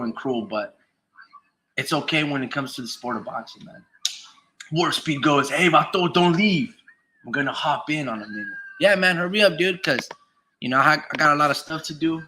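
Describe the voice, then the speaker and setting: Bright-voiced man ranting about boxing. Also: medium pitch, slight background noise, low-quality recording. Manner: emphatic, repetitive, swears freely. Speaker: boxing commentator streamer. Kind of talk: casual profane opinion monologue.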